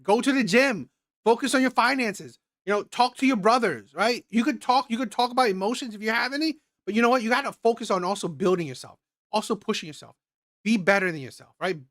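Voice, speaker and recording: This streamer talks fast and animatedly in a high-sitting, fairly bright voice while giving blunt opinions on a clip. He repeats himself emphatically, swears a bit, and often adds "right?" The recording is clean studio sound with no echo.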